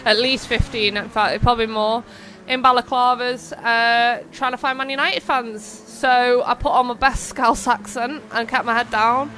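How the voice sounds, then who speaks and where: A young woman commentates on a racing game live stream, her voice bright and a little high. She chats loosely, drifts into stories and reads out messages from viewers, with a faint hiss of noise behind her. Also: steady tone, measured pace. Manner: chatty, rambling, reads chat aloud. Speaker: streamer and race host.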